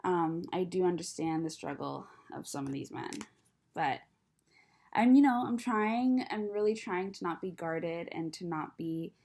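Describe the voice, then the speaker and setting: A woman's voice: on the low side, lively intonation, measured pace, a little mellow. A young adult woman chatting casually to camera, rambling and self-deprecating, with a slight lisp from braces. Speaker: vlogger.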